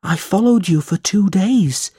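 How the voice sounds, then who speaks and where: A man's voice: a little slow, slightly rough, no echo, clean studio sound. A man voicing a frightened young boy who pleads to be allowed to stay, in a storybook reading. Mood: pleading. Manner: pleading, high and loud.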